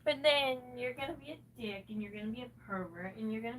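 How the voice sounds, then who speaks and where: A woman's voice: fairly high pitch, fast talker, distant mic. A distressed woman ranting on a livestream, cursing heavily and talking in an agitated, unscripted way.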